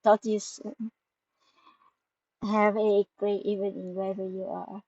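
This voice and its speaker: A woman's voice: medium pitch, flat delivery, a little slow, darkish tone, no echo. A woman speaks to her viewers in a heartfelt, emotional way, her grammar loose and non-native, her voice a little tearful at times. The recording is dry and close, with a slightly muffled, dull tone. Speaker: spiritual vlogger. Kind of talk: emotional direct-to-camera talk.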